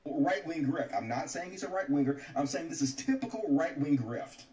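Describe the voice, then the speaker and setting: Angry high-voiced man in echoey room. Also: animated, normal speed, darkish tone, distant mic. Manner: angry, cursing criticism. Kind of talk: played clip of commentary video.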